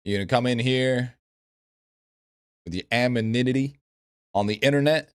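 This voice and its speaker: A man's voice: mid-range voice, normal speed, no room sound, studio quality. A man streaming a game live, chatting casually with viewers in a blunt, profane way and repeating his phrases.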